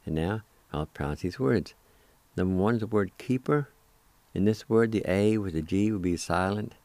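A man's voice: fairly low pitch, normal speed, a little mellow, no room sound. A man hosting a radio language lesson, patiently spelling and repeating each word syllable by syllable. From Cherokee Nation, Oklahoma. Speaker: radio host teaching language. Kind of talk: slow spelling and pronunciation lesson.

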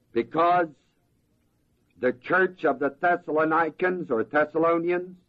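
Pitched on the high side, a man preaches as pastor, moving slowly and deliberately through the text verse by verse. He stops now and then to have the congregation supply missing words, and the sound is dull.

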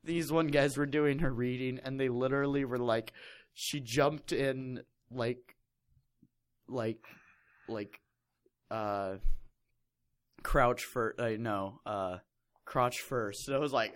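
A man's voice: medium pitch, steady tone, slow, long pauses. A young man reading a fan fiction aloud in a casual comedic chat, mocking it and laughing often. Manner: mocking, laughs often, puts on silly voices for quotes.

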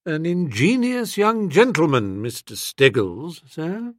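A man voicing a dignified valet who speaks in a measured, formal, polite manner. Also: fairly high pitch, very animated, no room sound, clean studio sound. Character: deferential, composed male valet, dignified.

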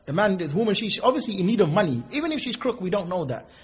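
A man's voice: high-pitched, fast, breathy edge, soft background music. A man preaching informally, telling stories and acting out the people in them. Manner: animated storytelling, mimics people in quoted exchanges. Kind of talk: informal sermon with acted-out dialogues.

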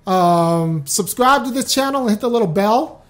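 A loose, chatty live-stream host who talks straight to the audience. The voice sits at a middling pitch, and the host keeps breaking off mid-sentence to start over. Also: lively intonation, moderate pace. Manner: chatty and loose, restarts often, speaks straight to viewers. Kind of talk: casual live-stream talk.

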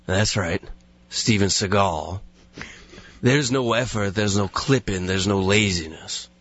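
A man doing an impression of a famous male action star in a lazy, deadpan, low drawl. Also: takes it slowly, husky, muffled recording, heavily acted.

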